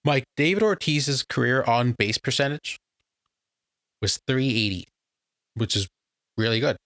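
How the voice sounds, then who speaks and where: A man's voice: mid-range voice, animated, measured pace, a bit bright, dry recording. Easygoing podcast man, dry mic. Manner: easygoing, chatty, runs the segments. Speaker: podcast co-host. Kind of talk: casual chat.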